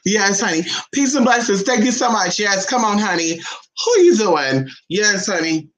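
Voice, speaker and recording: A sassy, loose-tongued vlogger talks at a mid pitch, neither high nor low, from a camera set down somewhere in a home. The speaker keeps tossing in "honey" and swearing, teasing a dog in sudden squeaky high bursts. The delivery is unpolished and off the cuff. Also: very animated, moderate pace, a bit bright. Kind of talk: casual, profane home vlog. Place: indoors at home. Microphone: phone or camera set down nearby.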